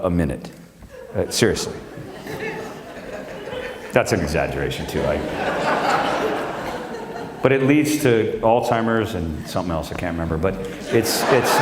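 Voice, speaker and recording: Animated middle-aged comic in a hall. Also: male voice, sits low. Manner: storytelling, wry, animated. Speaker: stand-up comedian. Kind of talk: live stand-up comedy. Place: live stage at a benefit show. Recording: echoey hall, live stage.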